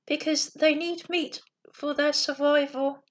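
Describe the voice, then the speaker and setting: A woman reading a bedtime story aloud slowly and carefully, with small slips. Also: high voice, level tone.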